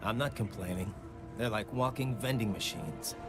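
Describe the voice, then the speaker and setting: Man playing a cyborg ninja, very deep voice, cold, blunt, game music behind. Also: normal speed, lightly acted. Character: grim adult male cyborg ninja.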